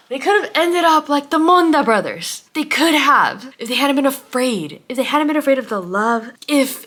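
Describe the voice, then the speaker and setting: A young woman vlogging about a book she loves, tearful and halting, often dropping to a whisper as she fights back crying. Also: high-pitched, fairly bright tone. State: close to crying. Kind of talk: emotional book reaction.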